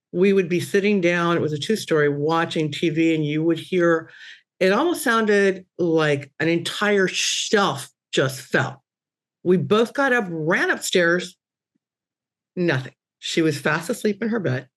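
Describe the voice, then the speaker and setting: A middle-aged woman on a podcast panel, telling a personal story in a casual, animated way. Her voice jumps high when she quotes exclamations. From Cuban-American family.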